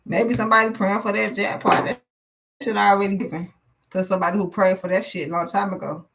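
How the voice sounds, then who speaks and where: A woman's voice: medium pitch, fairly even intonation, fast, gravelly, fairly bright tone, rough recording. A woman giving a live tarot reading in a blunt, profane, preachy way. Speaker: tarot reader.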